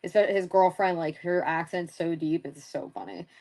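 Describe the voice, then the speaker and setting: A woman's voice: lowish voice, normal speed, darkish tone. A young woman chatting loosely as an interview guest, laughing often and swearing freely. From Philadelphia area. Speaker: interview guest, former wrestler. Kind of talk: casual chat.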